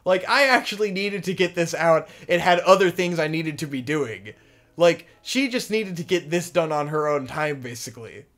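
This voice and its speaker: A man's voice: on the high side, expressive, normal speed, fairly bright tone. A young man casually telling a long story on a podcast, rambling and swearing, with a lot of "like" fillers. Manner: rambling, profane, lots of "like" fillers. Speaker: podcast co-host.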